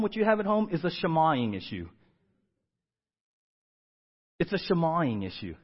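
High-voiced male pastor preaching. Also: highs cut off. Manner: conversational preaching with frequent "right?" to the congregation. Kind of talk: sermon.

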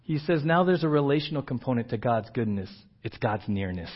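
A man preaching a sermon as pastor, moving between a hushed, slow prayer and loud, emphatic preaching. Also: medium pitch, expressive. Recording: dull lo-fi church audio.

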